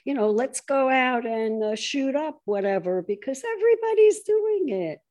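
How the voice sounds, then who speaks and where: A woman in a political conversation, talking animatedly and mocking opponents with shrill put-on voices. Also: lively intonation, moderate pace, a little mellow.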